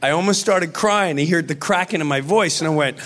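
A man with a Long Island New York accent, a comedian guest telling stories excitably and doing voices. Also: on the high side, brisk. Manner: excitable, does voices, laughs through stories. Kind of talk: animated storytelling.

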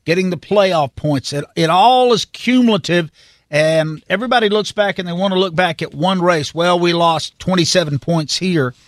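A man with a somewhat high voice breaks down the racing season for a radio show, talking steadily and walking listeners through the standings. His voice is close and dry, with no room around it. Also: moderate pace, no echo. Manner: steady, explanatory, knowledgeable. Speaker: motorsports reporter. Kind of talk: sports analysis on a radio call-in segment.

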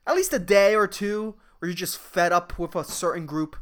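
A man's voice: high-pitched, normal speed, fairly bright tone, clean tone. A man hosting a solo podcast in a casual, profane, rambling rant, often laughing at his own jokes. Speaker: podcast host.

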